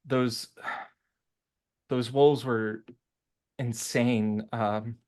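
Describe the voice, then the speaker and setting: A man's voice: medium pitch, fairly even intonation, drawn-out words, a little mellow. Man doing a breathless tall woman scholar for a tabletop game, keeps stammering sorry. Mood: breathless apologetic. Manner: stammering, apologetic. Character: very tall woman researcher, apologetic and winded.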